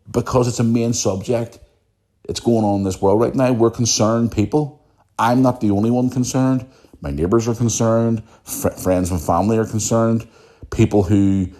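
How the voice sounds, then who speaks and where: A man's voice: on the low side, dark tone. A British man hosting his own podcast, talking bluntly and emphatically in an opinionated solo rant, repeating his points. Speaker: podcast host.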